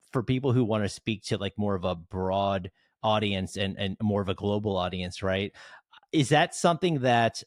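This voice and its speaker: A man's voice: lowish voice, dry recording, studio quality. A man from South Jersey hosting an interview podcast, talking casually and at length, full of fillers and restarts. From South Jersey, United States. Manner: chatty, rambling, many fillers and restarts. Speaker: podcast host.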